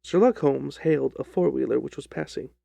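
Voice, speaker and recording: A man narrating a detective story in a measured storytelling manner. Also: mid-range voice, creaky, dark tone, no echo.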